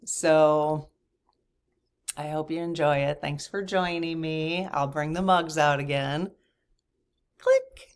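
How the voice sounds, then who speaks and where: A woman's voice: sits low, steady tone, slow pace, clean tone. A woman hosting her own channel, chatting casually to viewers in a rambling way, with frequent restarts and laughter. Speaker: channel host. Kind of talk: casual chat to camera.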